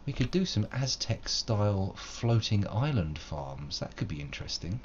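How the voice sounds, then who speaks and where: A man's voice: lowish voice, sing-song, moderate pace, dull audio, a little hiss or hum. A man giving rambling, self-mocking live commentary while playing a game, wordy and fond of old-fashioned flourishes. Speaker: game streamer.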